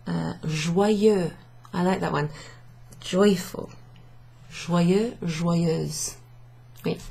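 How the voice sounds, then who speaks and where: A woman's voice: fairly low pitch, creaky, background noise. A British woman teaching a beginners' French class, explaining step by step with patience. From Britain. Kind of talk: classroom lesson. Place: room in a pub.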